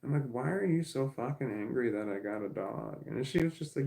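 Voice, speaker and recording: A man's voice: medium pitch, lively intonation, normal speed, vocal fry, hardly any pauses, a little mellow, poor audio. A middle-aged man telling a long personal story in a casual, rambling way, full of restarts and swearing. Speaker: vlogger.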